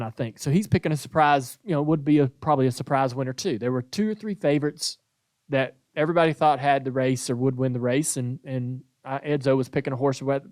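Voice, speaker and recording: A man's voice: fairly high pitch, no room sound, clean studio sound. A man, hosting a podcast and telling a story in casual chat, acting out the lines he quotes. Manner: animated storytelling, acts out quoted voices. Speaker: podcast host.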